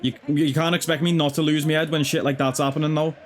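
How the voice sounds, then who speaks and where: A young man commentating his own football video game, excitable and swearing freely as he shouts at the play. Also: fairly high pitch, quick pace, a little hiss or hum. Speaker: gaming YouTuber. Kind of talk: excited live gameplay commentary.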